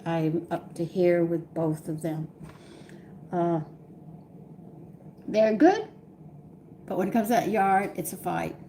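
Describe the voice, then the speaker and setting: A woman's voice: on the low side, slow, pauses often, warm tone, a little hiss or hum. An older woman hosting a home cooking live stream, chatting with viewers and telling exasperated stories from home. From Texas. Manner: chatty, exasperated storytelling with laughs. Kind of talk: casual live-stream chat.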